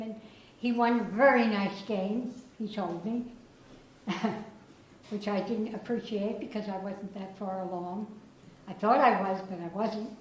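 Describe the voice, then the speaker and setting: A woman's voice: on the high side, darkish tone. An older woman from Germany giving a storytelling speech at a prize reception, her words slightly slurred from dental work. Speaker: guest speaker presenting prizes. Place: chess club reception room. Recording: echoey room, faint ambience.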